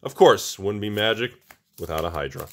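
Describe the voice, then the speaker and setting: A man hosting a casual vlog, joking and getting excited as he opens card packs, calling his viewers folks. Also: lowish voice, normal speed. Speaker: channel host opening card packs.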